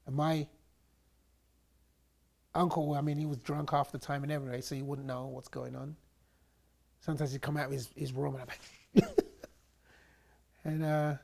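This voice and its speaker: A man from England telling his personal faith story in a lively, animated way, acting out the quoted voices of others. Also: on the high side, gravelly.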